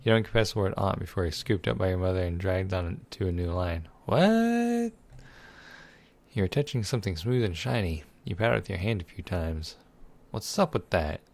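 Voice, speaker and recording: Low-voiced guy playing a text game, reads it out loud, cracks sarcastic jokes and swears a lot. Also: a little fast, gravelly. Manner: sarcastic, irreverent, swears freely. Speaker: let's play gamer. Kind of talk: reading a text game aloud with commentary.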